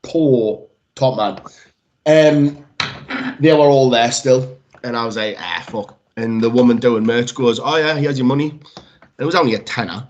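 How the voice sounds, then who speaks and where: Guy on a podcast, chatty, acts out his stories, swears a lot, mid-pitched voice. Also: measured pace, lo-fi sound, slight background noise. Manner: lively storyteller, swears freely, acts out quotes. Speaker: wrestler guest. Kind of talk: casual podcast chat.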